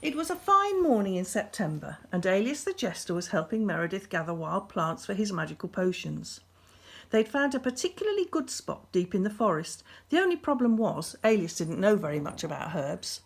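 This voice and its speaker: A woman reading a children's story aloud, expressive and playful. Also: medium pitch, moderate pace, vocal fry, breathy edge.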